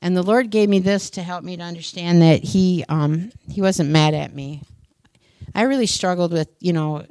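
A woman's voice: lowish voice, moderate pace, warm tone, dry recording, studio quality. A woman preacher giving a sermon, earnest, repeating phrases for emphasis and telling stories.

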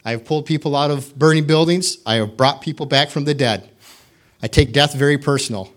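A man's voice: a little high, brisk. A middle-aged man from the United States giving a candid, self-deprecating personal testimony in a church, with wry humor.

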